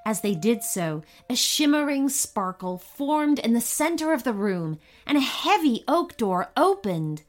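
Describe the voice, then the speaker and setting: Woman, storyteller, children's story, animated, higher voice, very lively. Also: a little slow, hardly any pauses. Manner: expressive, animated narration.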